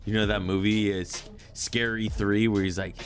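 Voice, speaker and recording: A man's voice: fairly low pitch, flat delivery, moderate pace, faint music behind. A young man playing a tabletop game, talking casually and hesitantly with many fillers. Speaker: player.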